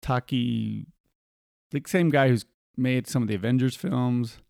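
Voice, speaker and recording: A man's voice: mid-range voice, a little slow, vocal fry, darkish tone, no echo. Dry-sounding male podcast host. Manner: rambling, with frequent restarts and asides. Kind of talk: casual chat. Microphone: studio microphone.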